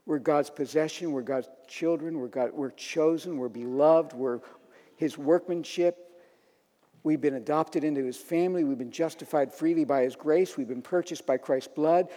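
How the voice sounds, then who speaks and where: A man's voice: a little high, moderate pace, warm tone. Man preaching in a reverberant hall. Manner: building to emphatic declarations. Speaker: pastor. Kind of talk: sermon.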